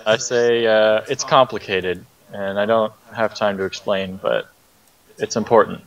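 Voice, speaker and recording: A man's voice: fairly low pitch, fairly even intonation, a little slow, lo-fi sound. A man voicing a secretive, cocky male adventurer who talks evasively, heard a little away from the mic.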